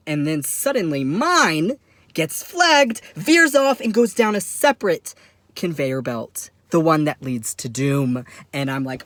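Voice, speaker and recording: A young man performing a stand-up story, acting out other people's voices and swinging from hushed to loud. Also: medium pitch, very animated, normal speed, no echo. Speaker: stand-up comedian.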